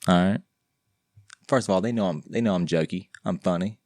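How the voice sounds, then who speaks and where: Low-voiced guy rambling solo on his podcast, jokey and slangy, dry close sound. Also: brisk, darkish tone, no room sound. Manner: rambling, slangy and joking, with many restarts. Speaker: podcast host. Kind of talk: casual solo podcast monologue.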